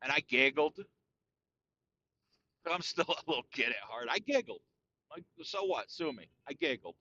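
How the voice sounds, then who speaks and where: A man's voice: medium pitch, lively intonation, normal speed, bright, forceful tone, muffled recording. A man hosting a casual solo podcast rant, talking in a crude, profane and boastful way, calling everyone "dude". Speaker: podcast host.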